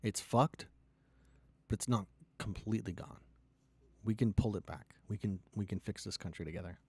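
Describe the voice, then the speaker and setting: A startup founder ranting and pitching with heavy swearing, swinging from loud outbursts to low, quiet lines. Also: male voice, moderate pace, slightly rough, no echo. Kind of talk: impassioned profane rant and pitch.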